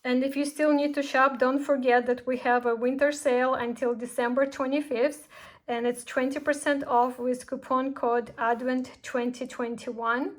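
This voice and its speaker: A woman's voice: sits high, flat delivery, moderate pace. A woman who runs a craft shop, chatting casually to viewers with announcements and heartfelt thanks. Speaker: craft shop owner hosting a tutorial event. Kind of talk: casual tutorial sign-off and announcements.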